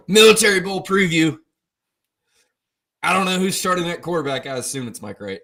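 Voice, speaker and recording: A man's voice: high voice, big pitch swings, normal speed, pushed and bright. A man co-hosting a casual college football show, joking and rambling while hungover. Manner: joking, rambling, self-mocking. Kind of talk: casual sports chat.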